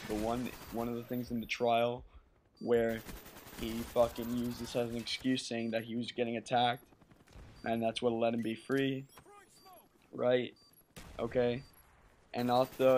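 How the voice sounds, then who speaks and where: A man's voice: medium pitch, darkish tone, a little hiss or hum. A young man doing casual voice-over commentary over gameplay, nervous and stumbling, often repeating words and asking "right?".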